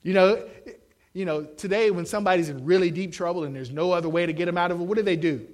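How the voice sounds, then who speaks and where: A young man preaching a sermon, animated, acting out the quotes he shouts. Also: sits high, racing. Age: young adult. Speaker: pastor.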